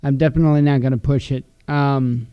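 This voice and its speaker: A man hosting his channel, signing off the stream in a relaxed, friendly, halting way. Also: medium pitch, clear, resonant tone, dry recording. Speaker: channel host. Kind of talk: casual sign-off. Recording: dull dry sound.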